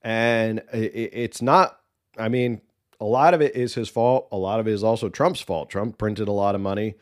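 A man's voice: fairly low pitch, moderate pace. A man hosting a political podcast, giving casual, opinionated commentary with sarcasm and exasperation.

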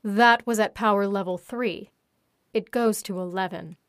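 A woman reading the part of a scornful, domineering young woman in a storybook, sharp and mocking, in a dry recording. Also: medium pitch, steady tone, measured pace, no echo, lightly acted.

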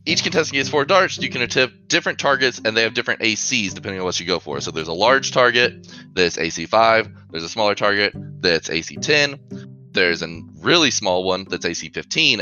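Deep guy gm, bright voice, swings all over, bit lo-fi with faint music. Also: brisk. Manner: animated, chatty. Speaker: game master. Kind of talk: narrating a tabletop game.

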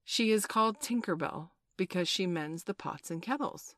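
A woman reading a storybook aloud, voicing a merry, boastful young boy in a raised, lively voice. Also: on the low side, normal speed, no room sound, clean studio sound, pitched above the performer's own voice, close to an everyday voice. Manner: bright boyish storybook voice, lively and proud.

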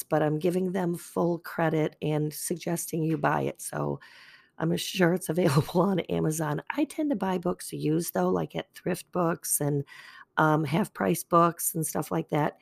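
Slow, gravelly older woman podcaster. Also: low-pitched. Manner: calm, chatty, self-deprecating. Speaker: podcast host. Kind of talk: gentle faith podcast talk.

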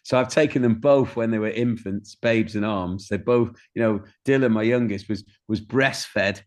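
A middle-aged man, a guest in an interview, telling stories in a warm way and often repeating words as he starts a sentence. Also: on the low side, normal speed. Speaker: guest, singer-songwriter. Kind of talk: candid interview chat.

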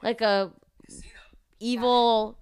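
A young adult woman hosting a podcast in casual chat, animated, profane and rambling into a studio microphone. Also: a little high, very slow. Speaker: podcast host.

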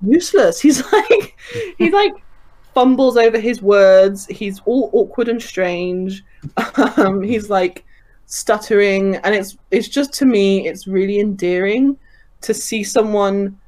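A woman's voice: medium pitch, takes it slowly, mellow. A woman chatting casually on a podcast, enthusiastic and laughing often, with many fillers. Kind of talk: casual chat.

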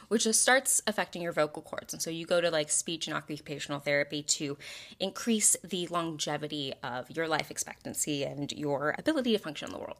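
A woman's voice: sits low, expressive, fairly quick, a bit bright. A young woman from Texas hosting a podcast, chatting and telling stories dramatically, with jokes and swearing. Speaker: podcast host. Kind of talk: casual chat, storytelling.

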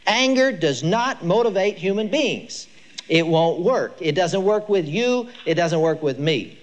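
An older man with a high voice lectures a live audience on child discipline, taking his time. He tells stories with lively, emphatic delivery.

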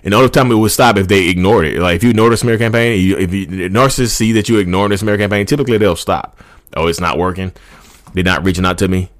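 With a low voice and a quick pace, this man in his thirties hosts a YouTube channel, recorded in studio quality with no room sound. Chatting casually to camera, he rambles, keeps addressing viewers as "y'all," and bursts into heated rants.

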